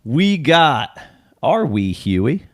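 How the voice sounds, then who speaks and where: A man's voice: mid-range voice, extremely slow. A man hosting a podcast in a small studio, chatting casually with friends and laughing often. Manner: laughs often, loud animated greetings. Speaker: podcast host. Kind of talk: casual chat.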